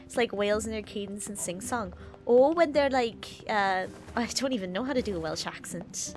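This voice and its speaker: A woman's voice: medium pitch, moderate pace, soft background music. A young woman chatting casually while streaming a game, rambling and sweary, with lots of restarts.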